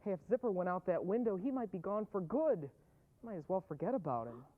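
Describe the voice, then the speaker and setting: A woman's voice: medium pitch, lively intonation, a little fast. A woman acting in a children's TV drama, blunt and dismissive, who also narrates the story. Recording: tinny lo-fi old TV audio with music.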